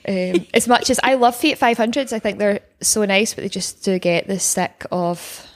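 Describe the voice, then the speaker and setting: A woman's voice: mid-range voice, normal speed. Wry woman recapping a show. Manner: chatty, wry, laughs often. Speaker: podcast co-host. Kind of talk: casual recap chat.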